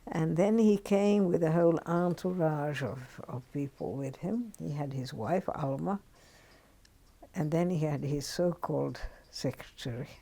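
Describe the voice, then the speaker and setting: An older woman telling anecdotes in an oral history interview, lively and given to dropping into hushed asides. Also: deep voice, measured pace, gravelly. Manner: anecdotal, lively, drops to a near-whisper on asides. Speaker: interviewee recounting her career as a journalist.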